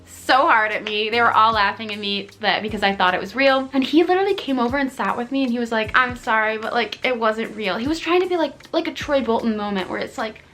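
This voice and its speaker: A young woman with a high, bright voice tells a story in a casual vlog. She is chatty and animated, says "like" constantly, and swears with exaggerated indignation. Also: fast, few pauses, soft background music. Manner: chatty, animated, frequent "like" and laughs. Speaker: streamer and YouTuber.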